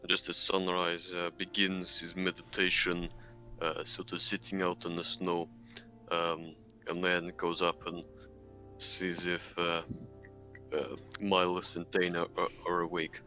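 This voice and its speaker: A man's voice: low-pitched, completely flat delivery, measured pace, pushed and bright, faint music behind. A man playing a tabletop game over a call, describing his moves hesitantly. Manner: hesitant, many uh fillers. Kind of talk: casual online game chat.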